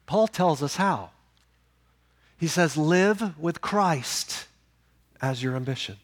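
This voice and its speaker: A man preaching a sermon, building to loud emphatic peaks and then dropping low and quiet. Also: lively intonation, slow pace, long pauses. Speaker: pastor.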